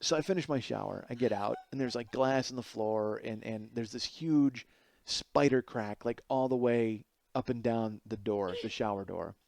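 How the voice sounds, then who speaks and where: A man in his forties telling a comic story alone as a podcast host, animated and self-mocking, with plenty of swearing, going from loud outbursts to low mutters. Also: normal speed, vocal fry, no echo. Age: 40s. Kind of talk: solo comedic storytelling.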